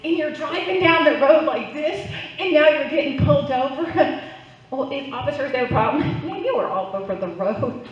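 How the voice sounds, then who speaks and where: This middle-aged comic has a high, animated voice and speaks at a normal speed as she jokes with the crowd and coaxes them into playing along. Her club set is captured in a roomy, distant, dull live recording.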